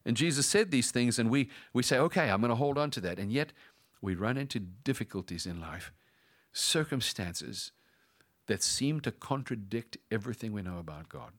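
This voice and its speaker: A middle-aged man preaching a sermon, with slow dramatic pauses and some passages dropped to a whisper. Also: mid-range voice, animated. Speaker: pastor.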